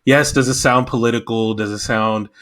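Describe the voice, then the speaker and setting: An American man co-hosting a casual review chat, emphatic and animated, often acting out quotes. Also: mid-range voice, moderate pace. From United States. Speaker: podcast co-host.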